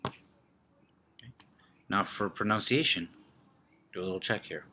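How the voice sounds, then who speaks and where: Male teacher, low voice, slow patient drill delivery, faint room ambience behind. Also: bright, forceful tone, a little hiss or hum. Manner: slow, repeats words and drills with gestures. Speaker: French teacher. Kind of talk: classroom vocabulary lesson.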